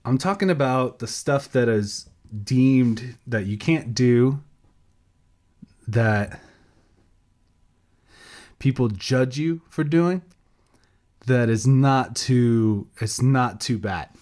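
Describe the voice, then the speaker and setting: A man's voice: mid-range voice, takes it slowly, long pauses, darkish tone. A sleep-deprived man co-hosting a podcast by himself, rambling casually, losing his thread and laughing at himself. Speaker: podcast co-host.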